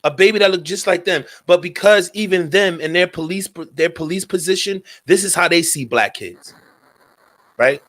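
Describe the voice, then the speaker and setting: A man's voice: high-pitched, moderate pace, fairly bright tone. A man hosting a talk radio show, speaking in a heated, profane commentary and repeating his points.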